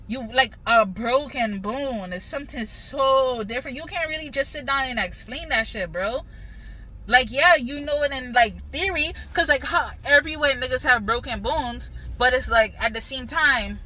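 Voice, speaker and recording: A woman's voice: sits high, unhurried, sharp tone, low-quality recording. A young woman from the Caribbean talking in a loose, rambling way, full of slang and swearing. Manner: loose, slangy, cursing freely. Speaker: vlogger. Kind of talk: casual rambling monologue.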